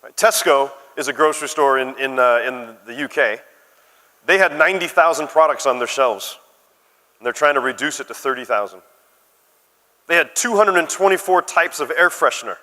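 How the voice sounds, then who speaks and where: A middle-aged American man from Arizona gives a conference keynote, telling stories and tossing asides to the crowd. His voice is bright and forward, and it carries a long reverb from a big hall. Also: medium pitch, moderate pace. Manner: conversational storytelling with asides to the audience. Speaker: conference speaker. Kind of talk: keynote talk.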